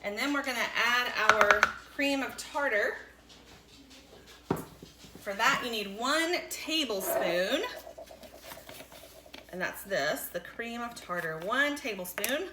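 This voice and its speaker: A bright, fairly high-voiced mother walks young viewers through a home kitchen project with cheerful patience. Her voice rings around a hard, echoey kitchen, and steady background noise sits clearly under it. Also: slow pace, pauses often. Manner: cheerful, patient step-by-step instructions. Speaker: mother hosting a kids' science video. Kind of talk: casual instructional chat to kids.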